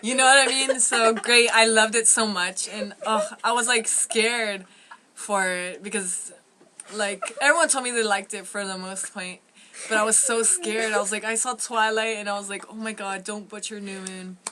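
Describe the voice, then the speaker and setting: A woman's voice: a little high, steady tone, moderate pace, crowd noise. A teenage girl reviewing a movie in casual chat, gushing and rambling with lots of fillers.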